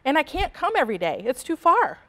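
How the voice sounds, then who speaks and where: A woman voicing an anxious, earnest young girl in a storybook reading, speaking in a high, pleading voice. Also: sing-song, brisk, a bit bright. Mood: upset.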